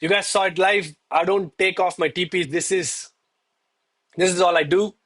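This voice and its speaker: A young man streaming live from home on a headset mic, hyped and out of breath after exercise, talking excitedly to his chat. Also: high-pitched, moderate pace. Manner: hyped, exclaiming, addresses chat as bro.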